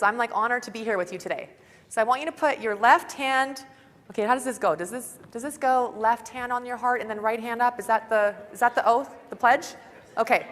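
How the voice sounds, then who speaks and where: A young woman conference speaker, voice a little high, a little fast, and fairly bright, gives a chatty, upbeat motivational talk peppered with "like." A stage mic records her in a large conference hall with long reverb.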